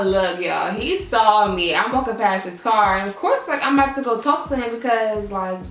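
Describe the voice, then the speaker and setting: Young woman, storytime vlog, animated and cursing, fairly high voice, roomy echo, faint music behind. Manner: animated, swearing, acts out quotes in a higher voice. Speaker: vlogger. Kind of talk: casual storytime.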